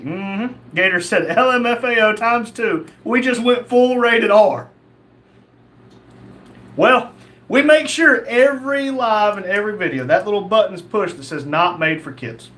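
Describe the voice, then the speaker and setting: A man's voice: high-pitched, lively intonation, normal speed, sharp tone. A man hosting a casual livestream, reading chat comments aloud and answering them in a blunt, crude, joking way. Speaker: livestream host.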